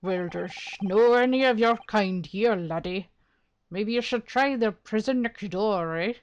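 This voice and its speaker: A woman voicing a gruff, burly male prison governor with a rough, hostile brogue. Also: mid-range voice, normal speed, warm tone, highs cut off, natural voice.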